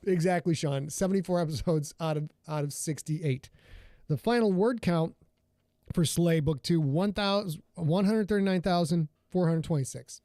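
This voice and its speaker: A man hosts a laid-back livestream from his home studio, rambling and calling out viewers by name. His voice sits a little high, with a warm, mellow tone. The sound is dry and close-miked, with no room echo. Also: normal speed. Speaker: podcast host and author. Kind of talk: casual livestream chat.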